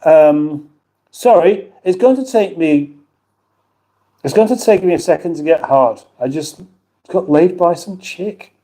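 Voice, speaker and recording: Mellow rambling British man on a livestream. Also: a little high, a little slow. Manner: rambling, chatty, self-mocking. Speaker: livestream host. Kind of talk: casual livestream chat, reading viewer comments aloud.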